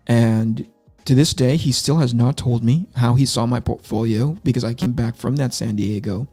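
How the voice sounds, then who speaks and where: A man in his fifties spins loose, self-deprecating anecdotes, doubling back and restarting as he talks. His voice is dark and mellow and sits at a middle pitch. Quiet music plays faintly behind him. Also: moderate pace. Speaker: comic artist hosting a launch stream. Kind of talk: casual storytelling.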